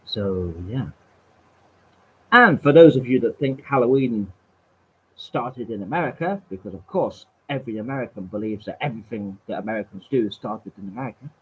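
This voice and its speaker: A man's voice: mid-range voice, slightly rough. A man reading history aloud from webpages, stumbling and repeating words, with wry casual asides. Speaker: channel host. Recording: tinny phone-like sound.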